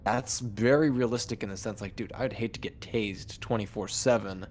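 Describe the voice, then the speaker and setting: Low-pitched male co-host, laid-back, salty casual chat. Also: normal speed, darkish tone, a little hiss or hum. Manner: laid-back, swears often. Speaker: podcast co-host.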